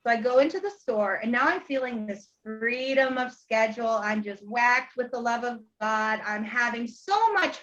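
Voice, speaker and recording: Playful lady telling a story with lots of laughs, kinda high voice, muffled video call sound. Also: expressive, moderate pace, hardly any pauses, a bit bright. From Ohio. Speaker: co-host sharing a testimony. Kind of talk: casual storytelling chat.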